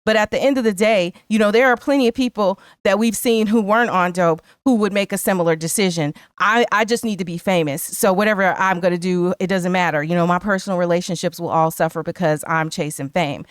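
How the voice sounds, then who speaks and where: A woman's voice: on the low side, brisk, hardly any pauses, smooth, no room sound, studio quality. A woman co-hosting a podcast, chatting casually about a film and retelling its scenes. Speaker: podcast co-host.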